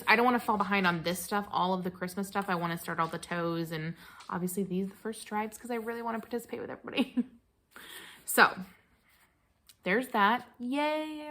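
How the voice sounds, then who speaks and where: A woman's voice: medium pitch, pushed and bright, slight background noise. A woman knitting vlogger chatting casually and gushing, with lots of fillers and restarts. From American Midwest. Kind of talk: casual chat.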